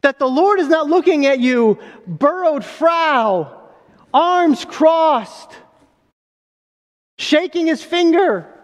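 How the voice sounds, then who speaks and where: A man's voice: very high-pitched, lively intonation, takes it slowly, pauses often, long reverb tail. A man preaching a sermon as a pastor, earnest, with rising emphasis and frequent restarts.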